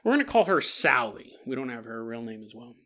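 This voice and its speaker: A man's voice: medium pitch, very animated, brisk, a bit bright. A man in his forties hosting a podcast, telling stories in a rambling, casual way, correcting himself and chuckling as he goes. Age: 40s. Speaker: podcast host.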